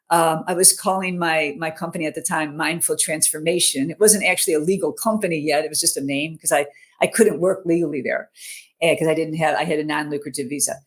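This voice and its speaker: A woman's voice: low voice, brisk. A middle-aged woman, a mental fitness coach, telling a personal story in an online interview. She speaks earnestly and keeps checking in with "you know", "okay?" and "right?".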